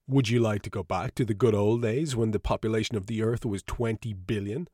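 A man doing a smooth, lecturing old doctor. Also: on the low side, fairly even intonation, warm tone, no echo, studio quality. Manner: lecturing, brisk and emphatic. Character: composed older male doctor, smoothly persuasive.

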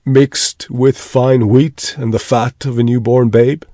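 A man voicing a calm, mocking old devil disguised as a traveller, speaking in a measured way. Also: medium pitch, no room sound, studio quality, lightly acted. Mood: amused.

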